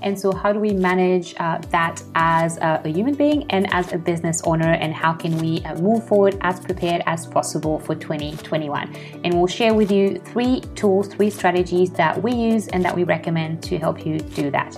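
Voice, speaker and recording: A woman's voice: fairly low pitch, moderate pace, soft background music. A woman co-hosting a podcast in casual chat, talkative, laughing easily and thinking aloud. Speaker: podcast co-host.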